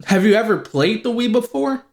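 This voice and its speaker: A man's voice: sits high, expressive, moderate pace, gravelly. A young man co-hosting a podcast, chatting casually, teasing and asking questions. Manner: teasing, asks lots of questions. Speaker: podcast co-host. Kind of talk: casual chat.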